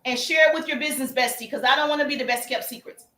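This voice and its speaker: A woman's voice: high-pitched, racing, pushed and bright, reverberant. A woman hosting a casual sales-coaching live stream, chatty, calling her viewers baby and acting out sample messages. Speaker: livestream host and sales coach.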